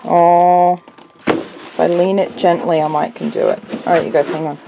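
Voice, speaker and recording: A woman's voice: on the low side, little pitch movement, normal speed, gravelly, very noisy. A woman vlogging casually from her home art room, exclaiming delightedly over each craft item she unpacks. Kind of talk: casual chat opening happy mail.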